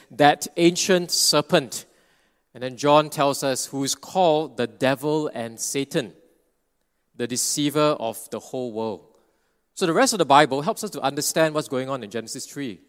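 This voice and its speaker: A male preacher delivering an earnest expository sermon at a medium pitch. He explains patiently, restarting phrases and tossing in quick "right?" asides. His voice rings out with the long reverb of a big church hall.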